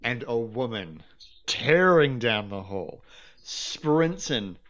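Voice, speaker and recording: A woman narrating as game master in a relaxed, chatty way. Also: extremely low pitch, takes it slowly, dull audio.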